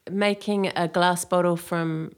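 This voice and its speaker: A woman's voice: lowish voice, fairly even intonation, a little slow, clear, resonant tone. A woman with an English accent, a guest chatting casually on a radio show and rambling with many fillers. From England. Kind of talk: casual chat.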